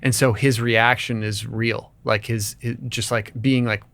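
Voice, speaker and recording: A man's voice: medium pitch, fairly even intonation, measured pace, a bit bright, no room sound. A man co-hosting a film podcast, chatting enthusiastically and rambling with frequent restarts. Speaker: podcast co-host. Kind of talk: casual chat.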